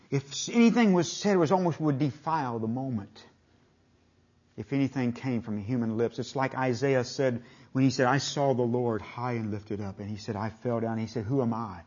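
An older man preaching a sermon in a folksy way, retelling scripture in plain speech and swinging from booming declarations to near-whispers. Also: moderate pace, a little mellow, muffled recording.

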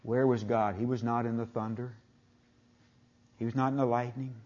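A man's voice: level tone, normal speed, pauses often, a little mellow, lo-fi sound. Older man preaching with big swings. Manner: dramatic swings from booming to near-whisper; folksy, retells scripture in plain speech. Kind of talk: sermon.

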